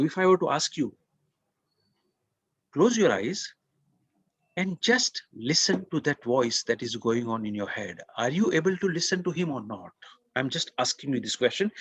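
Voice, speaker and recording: A man's voice: fairly high pitch, a bit bright, slightly rough, dry recording. A man hosting a motivational webinar, speaking earnestly, repeating words and asking the audience questions. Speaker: webinar host and coach.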